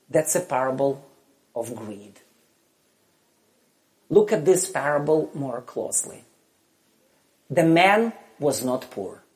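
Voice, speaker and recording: A woman speaker delivers a sermon at an unhurried pace. Her voice sits a little low for a woman, yet it rises and falls with lively, emphatic swings. Some phrases ring out loud while others fade almost to a murmur. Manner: slow, emphatic delivery with wide swings between loud and soft. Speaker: preacher.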